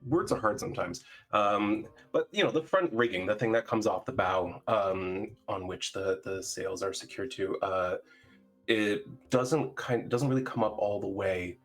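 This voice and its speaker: A man narrating a tabletop game as dungeon master, halting and searching for words with many fillers. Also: on the low side, fairly bright tone, soft background music.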